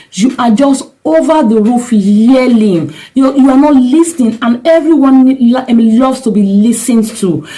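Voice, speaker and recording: A middle-aged woman working as a parenting coach speaks straight to camera, giving earnest, emphatic advice and repeating her key points. Her voice is a little high with a dark tone, and the audio quality is poor.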